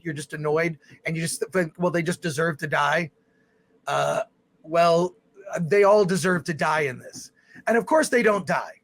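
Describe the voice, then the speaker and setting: A man hosting a live stream, giving a rambling, exasperated spoken movie review. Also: sits high. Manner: rambling, exasperated, with restarts and loud outbursts.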